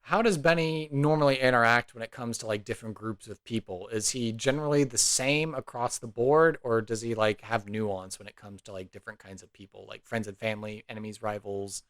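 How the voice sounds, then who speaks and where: Easygoing podcast host. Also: male voice, medium pitch, brisk, few pauses, fairly bright tone, no room sound. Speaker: podcast host and game master. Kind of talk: casual interview and ad read.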